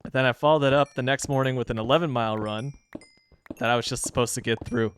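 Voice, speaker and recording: A man's voice: mid-range voice, fairly even intonation, fast talker, clean tone, no room sound. Chatty, self-amused man with a dry, close sound. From Midwestern United States. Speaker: streamer. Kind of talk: casual gameplay commentary. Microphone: streaming microphone.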